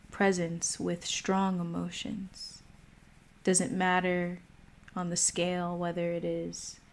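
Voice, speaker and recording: A woman hosting a livestream mindfulness talk, speaking calmly and pausing often. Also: fairly low pitch, gravelly. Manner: slow, calm, pausing often. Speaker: meditation host. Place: home.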